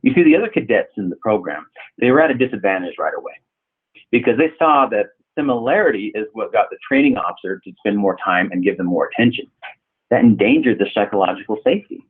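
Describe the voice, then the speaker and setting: Husky man presenting over tinny audio. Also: on the low side, lively intonation, fast. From California. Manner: earnest storytelling with repeated restarts. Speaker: leadership trainer. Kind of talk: webinar presentation.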